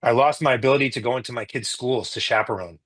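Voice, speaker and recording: A man's voice: medium pitch, fast, a bit bright. A middle-aged man, an emergency physician, giving an emotional personal account in an interview, earnest, with frequent restarts and rising indignation.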